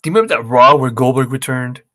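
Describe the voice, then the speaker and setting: A man's voice: mid-range voice, expressive, fast, fairly bright tone. A man co-hosting a podcast in casual chat, rambling through a story and acting out what his friends said. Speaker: podcast co-host.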